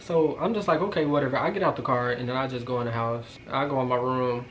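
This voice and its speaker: A young man tells a storytime in loose, slangy talk, full of fillers. His voice sits at a medium pitch but jumps up and gets loud when he reacts, then falls to quiet asides. Soft music plays faintly underneath. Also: fast talker, hardly any pauses. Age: 20s. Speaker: vlogger. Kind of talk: storytime vlog.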